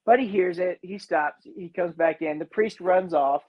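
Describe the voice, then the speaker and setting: On a podcast, a co-host with a high voice recaps a movie at a moderate pace over dull audio. He rambles casually, drops "you know" constantly, and plays out the characters' lines.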